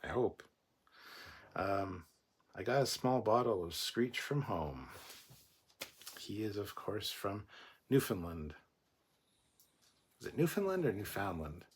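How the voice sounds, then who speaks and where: A man's voice: lowish voice, expressive, slow pace, long pauses, breathy edge. A man hosting a livestream, chatting casually and joking as he reads viewer comments aloud. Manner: joking, chatty, rambling with restarts. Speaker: livestream host.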